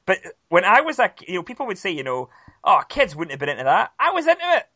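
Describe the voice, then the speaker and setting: Bright-voiced teasing man, dry sound. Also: high voice, big pitch swings, fast, no room sound. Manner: playful, teasing. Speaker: podcast co-host. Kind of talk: casual chat.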